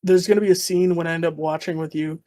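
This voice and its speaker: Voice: mid-range voice, quick pace. A podcast host chatting casually about anime, telling scenes with lots of laughter and acted-out lines. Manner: animated storyteller, laughs often, acts out scenes.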